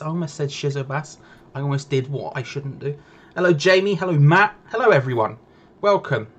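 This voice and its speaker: A man's voice: on the high side, normal speed, a bit bright, a little hiss or hum. A young man, casually co-hosting a live football watch-along in a playful, repetitive way. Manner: chatty, playful, repeats himself for effect. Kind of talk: casual live-stream chat.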